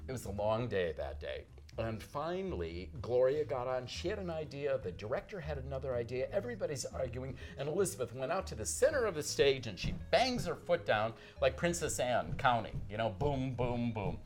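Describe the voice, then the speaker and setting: A man, a guest author, telling an anecdote in a lively, animated way, acting out the quotes. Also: mid-range voice, fairly quick.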